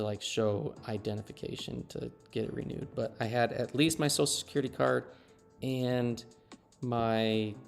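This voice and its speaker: A man's voice: on the low side, creaky. A man in his thirties chatting casually on a game live stream, telling a story and laughing at himself. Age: 30s.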